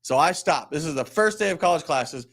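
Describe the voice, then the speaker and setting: A man's voice: a little high, expressive, brisk, creaky, a bit bright. A man, a chiropractor hosting a live show, telling a rambling, self-deprecating story in casual chat. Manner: rambling, self-deprecating, acts out quoted voices.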